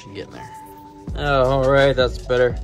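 A man's voice: medium pitch, normal speed, gravelly, faint music behind. A man talking casually to the camera about feeding his reptiles and tattooing, chatting to his animals. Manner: energetic, talks to his animals. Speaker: tattoo artist and reptile keeper. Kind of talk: casual vlog narration.

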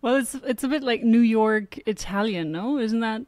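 Thoughtful woman co-host explaining calmly. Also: fairly high pitch, normal speed, dry recording. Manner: thoughtful, explaining with easy laughs. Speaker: podcast co-host. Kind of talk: casual podcast chat.

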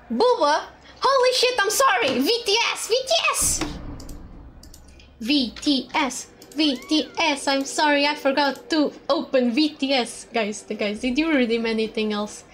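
A woman streaming a video game in casual commentary, excitable, swearing and laughing often. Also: high voice, slight background noise. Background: game music.

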